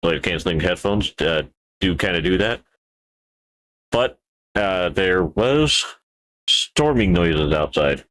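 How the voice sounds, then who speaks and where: A man's voice: sits low, expressive, slow pace, pauses often, a bit bright. A man streaming live while building a 3D model, talking to himself in a rambling, playful way with wordplay asides.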